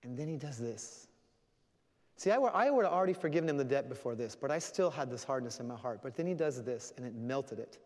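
A man's voice: mid-range voice, animated, fast talker, a little mellow. A man preaching a sermon, telling a story earnestly and closing in prayer. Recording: long hall reverb.

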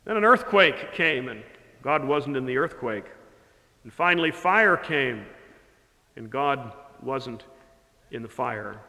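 A man preaching a sermon slowly and deliberately, swinging from loud emphasis down to hushed quiet. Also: on the high side, long reverb tail.

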